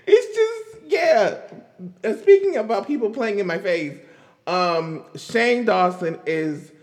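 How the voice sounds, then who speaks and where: A man with a voice that sits high does casual pop-culture commentary on his vlog. He sounds sarcastic and exasperated and often breaks into laughter. The audio has a big-room sound.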